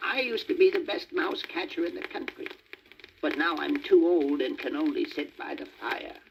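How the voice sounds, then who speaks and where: A man's voice: fairly high pitch, lively intonation, moderate pace, gravelly, pitched above the performer's own voice. A man voicing a meek old male cat in a wailing, mewing voice, on a muffled old vinyl record with faint static.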